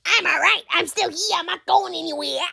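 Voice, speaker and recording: A woman's voice: very high-pitched, bright, forceful tone, voice pushed up, full character voice. A woman voicing a stubborn older chain-smoking woman who grumbles, coughs and gets touchy in a comedy skit. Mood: defensive. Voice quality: gravelly, coughing smoker's voice. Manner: slow, grumbling and defensive.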